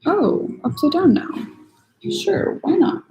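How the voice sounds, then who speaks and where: A woman's voice: extremely high pitch, animated, slow pace, rough recording. A woman streamer chatting casually and grumbling playfully while she builds a model. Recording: soft music playing behind.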